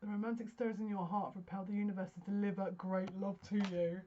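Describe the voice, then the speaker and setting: A woman giving a casual tarot card reading, excitable and often gasping and breathless. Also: mid-range voice, a little fast, highs cut off.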